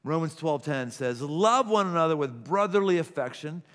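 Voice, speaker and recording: Animated middle-aged pastor in a reverberant hall. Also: male voice, a little high, moderate pace. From Pittsburgh. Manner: animated, acts out little scenes with gasps and laughs. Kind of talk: sermon. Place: large church auditorium. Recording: long hall reverb from a church auditorium.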